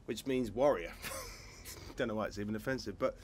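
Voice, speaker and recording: A man's voice: mid-range voice, brisk. A male stand-up comedian telling a story live, rambling and hesitant, chuckling between lines.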